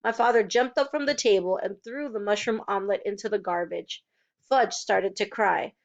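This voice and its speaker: A woman reading a children's novel aloud in a steady, plain storytelling voice. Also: mid-range voice, normal speed, vocal fry. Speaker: reader. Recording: dull lo-fi recording.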